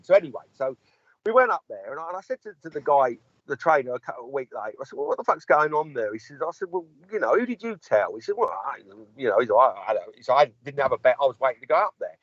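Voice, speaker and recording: A man tells a rambling, sweary story as a podcast co-host, his pitch rising and falling in wide, lively swings. The sound is close and dry, with a dull, lo-fi tone. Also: quick pace, no echo. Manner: long-winded anecdotes, sweary, acts out quoted dialogue. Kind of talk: casual storytelling chat.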